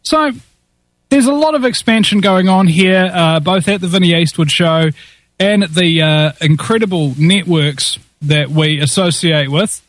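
A man's voice: high-pitched, unhurried, no room sound. A man with a New Zealand accent hosting an interview show, jokey and rambling. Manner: jokey, rambling, many uh fillers. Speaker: host.

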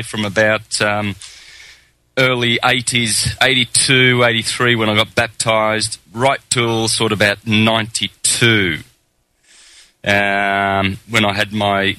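An Australian man in his forties, a guest in an interview, talking in a relaxed storytelling way. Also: lowish voice, no echo. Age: 40s. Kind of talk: casual interview talk.

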